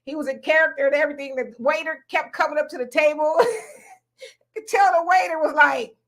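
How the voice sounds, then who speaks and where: High-voiced woman telling a story. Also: fairly quick. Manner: animated, laughing storyteller. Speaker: co-host. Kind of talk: casual storytelling chat.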